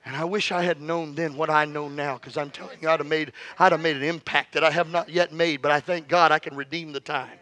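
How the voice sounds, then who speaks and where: A man's voice: a little high, fairly even intonation, fairly quick, hardly any pauses, bright, forceful tone. A middle-aged male pastor preaching a fervent sermon with call-and-response, telling stories and joking with the congregation.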